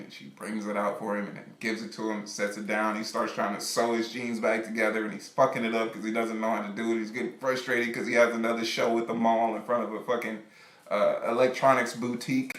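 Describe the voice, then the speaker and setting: A man rambles through a casual live-stream story, animated and laughing often. His voice is bright and forward. The room around him is echoey. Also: lowish voice, a little fast.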